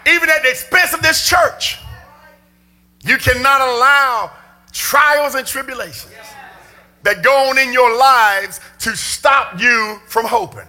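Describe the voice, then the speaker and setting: A man preaching a sermon as pastor, impassioned and often shouting in a preaching cadence, with colloquial church speech. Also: very high-pitched, unhurried, a little hiss or hum.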